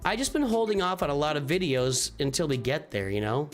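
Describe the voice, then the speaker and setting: A man's voice: fairly high pitch, sing-song, fairly quick. Rambling man streaming with music. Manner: rambling, answers viewers' questions, off-hand asides. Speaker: live-stream host. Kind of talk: casual live-stream chat while gaming.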